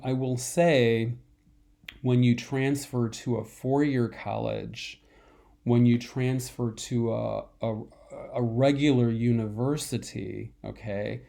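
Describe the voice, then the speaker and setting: A man with a dark, gravelly voice gives a recorded college math lecture. He talks slowly and repeats himself a lot. He keeps clearing his dry throat and coughing between phrases. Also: medium pitch. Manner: slow, repetitive, frequently clears throat and coughs.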